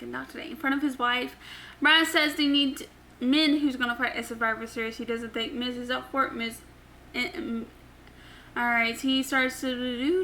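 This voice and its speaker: A woman casually recaps a wrestling episode for her channel, chatty and full of ums and offhand opinions. Her voice is high and sharp, and the recording is rough.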